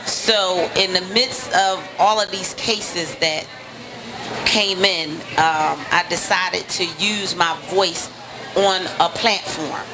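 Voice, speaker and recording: A woman, a theater company founder, speaking on a talk show in a deliberate way with hesitant fillers. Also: fairly low pitch, noisy background.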